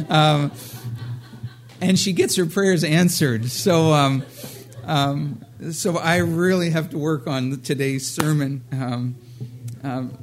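Middle-aged male preacher, informal and rambling, a touch higher pitched, faint room hiss. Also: darkish tone. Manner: rambling, many fillers, laughs at own jokes. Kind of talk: casual sermon with anecdotes.

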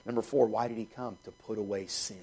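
A man's voice: on the low side, fairly even intonation, brisk, mellow, husky. A male pastor preaching a sermon, reading scripture and repeating points with rhetorical questions.

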